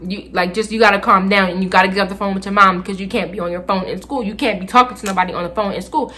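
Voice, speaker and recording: A young woman voicing a calm, easygoing male school principal who soothes and repeats himself. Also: sits high, very fast, soft background music, pitched below the performer's own voice. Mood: soothing.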